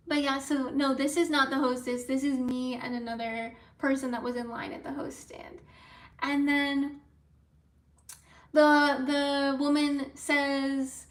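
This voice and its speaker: A young woman vlogger telling a story in a casual, chatty, excitable way, full of likes and ums. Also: high-pitched, slow pace. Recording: roomy, from a distance off mic.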